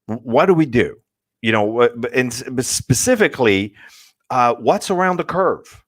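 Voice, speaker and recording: A man's voice: mid-range voice, a little slow, dry recording, studio quality. A man from France with a French accent giving a webinar presentation as guest speaker, telling stories with lots of fillers and restarts over a video call. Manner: animated storytelling with frequent fillers and restarts.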